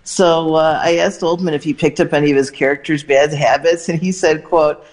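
A woman reporting entertainment news, telling lively, animated anecdotes and quoting people along the way. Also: low voice, moderate pace. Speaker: entertainment correspondent. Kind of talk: news segment storytelling.

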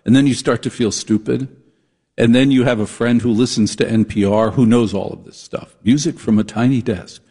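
A man's voice: medium pitch, steady tone, warm tone, breathy edge. A man hosting a talk radio show, delivering a comedic monologue, riffing and mocking as he goes. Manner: riffing, mocking, switches into quick impressions.

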